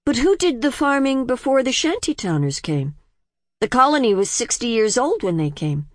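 A woman's voice: on the high side, very animated, moderate pace, no echo, studio quality, voice pushed up. A woman voicing a curious, defiant young woman of twenty who keeps asking pointed questions. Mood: probing.

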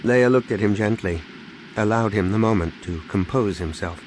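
Low-voiced man narrating an audiobook. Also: noisy background. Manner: measured, dramatic reading. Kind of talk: scripted narration.

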